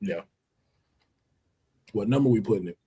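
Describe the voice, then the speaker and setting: A Southern US man co-hosts a podcast with a lowish, dark voice that has a breathy edge, speaking at normal speed. Laid-back in the casual chat, he's the one leading the picks.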